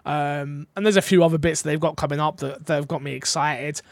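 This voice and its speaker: Rambling higher-voiced man hosting a podcast. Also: steady tone, fairly quick, dry recording, clean studio sound. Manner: rambling, hesitant, full of fillers. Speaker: podcast host. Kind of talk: casual podcast chat.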